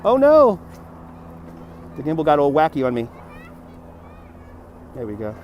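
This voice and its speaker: A man's voice: mid-range voice, normal speed, muffled recording, slight background noise. A man from Brooklyn, chatting casually on a livestream outdoors by a city river, reading viewers' messages aloud and thanking donors, on a phone on a gimbal. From Brooklyn, New York. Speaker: livestream host.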